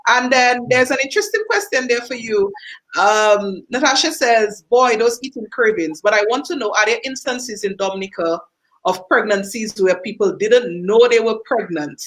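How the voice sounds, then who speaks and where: A woman's voice: fairly high pitch, moderate pace, a bit bright, rough recording. A woman co-hosting a radio show, cheerfully reading out listener comments. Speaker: radio co-host.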